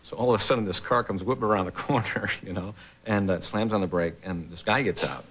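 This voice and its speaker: A man, a guest comedian on a television talk show, telling a rambling anecdote with many pauses and uhs. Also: on the low side, a bit bright, a little hiss or hum. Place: television studio with audience.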